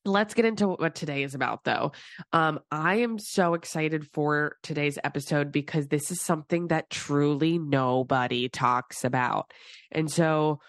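Congested woman, low voice, podcast host. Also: no room sound, studio quality. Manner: chatty, rambling, quick asides. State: congested, stuffy nose from a cold. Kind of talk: casual solo podcast chat.

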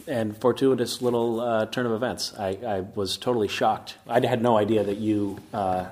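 A man's voice: fairly low pitch, steady tone, normal speed, darkish tone. Male podcast guest, self-mocking and playful, casual chat.

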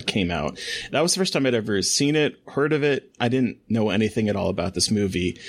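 Man chatting with lots of fillers. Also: on the low side. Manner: halting, with many fillers and restarts. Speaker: podcast co-host. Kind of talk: casual chat.

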